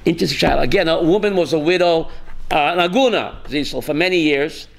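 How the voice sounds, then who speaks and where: A man, a rabbi, teaching a class with animated storytelling and calling on students by name. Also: on the high side, brisk, creaky.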